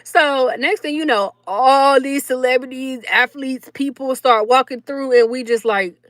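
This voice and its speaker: Young woman, animated storytime chat, higher voice, dry close sound. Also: a little slow, no echo. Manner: animated, laughs often, acts out quotes. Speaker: vlogger.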